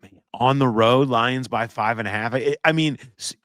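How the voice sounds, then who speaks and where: A man with a Midwestern American accent co-hosting a casual sports podcast, animated and joking as he shouts out listeners. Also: medium pitch, normal speed, no room sound, studio quality. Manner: animated, joking, reads listener submissions aloud. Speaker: podcast co-host.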